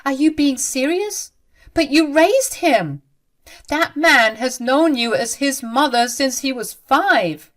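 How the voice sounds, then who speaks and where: A woman's voice: sits high, animated, slow, pitched above the performer's own voice. A woman voicing a caring young bride who speaks in an urgent, emphatic way. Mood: concerned, indignant.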